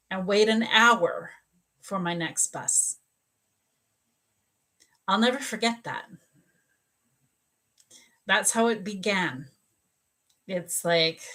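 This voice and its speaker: A woman's voice: mid-range voice, fairly bright tone. A woman working as a psychic medium, chatting casually on a livestream, telling a personal story and acting out the dialogue. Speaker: psychic medium and spiritual coach.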